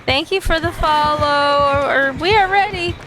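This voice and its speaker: A woman streaming a game live and commenting as she plays, excitable and laughing often as she talks to her chat. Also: sits high, moderate pace. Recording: game music playing clearly behind.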